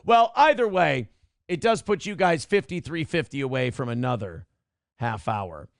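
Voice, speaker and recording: A man's voice: mid-range voice, animated, moderate pace, vocal fry, no echo, studio quality. A man in his thirties hosting a live stream from home, reading chat aloud and mocking a commenter in profane banter.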